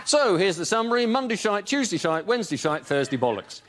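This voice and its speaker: A man's voice: high voice, very animated, fairly quick. A male comedy panellist delivering dry one-liners in a mock-announcer manner. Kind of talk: quick one-liner jokes. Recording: noisy.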